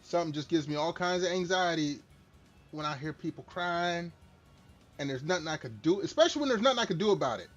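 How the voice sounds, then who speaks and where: Speaking quickly and expressively in a slightly high voice, this middle-aged man chats casually as he streams a game. His talk is rambling, frank and self-deprecating, picked up by a somewhat dull lo-fi stream mic with music faintly in the background.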